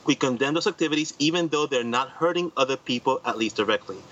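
Bright-voiced man reading news. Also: mid-range voice, animated, fast talker, lo-fi sound, slight background noise. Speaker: podcast co-host reading news. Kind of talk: reading news stories aloud.

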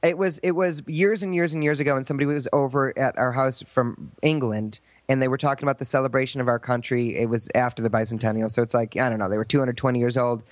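A man co-hosting a chatty podcast, talking at a middle pitch. He explains things earnestly and at length, circling back and restarting his sentences. The recording is dry and close, with no room sound. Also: steady tone, fast talker, hardly any pauses, no room sound. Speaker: podcast co-host. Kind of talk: casual comedy podcast chat.

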